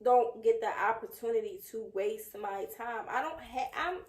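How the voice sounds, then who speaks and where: A woman's voice: a little high, moderate pace. A woman in her thirties co-hosting a podcast, speaking frankly and emphatically in casual chat. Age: 30s. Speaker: podcast co-host. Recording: echoey room.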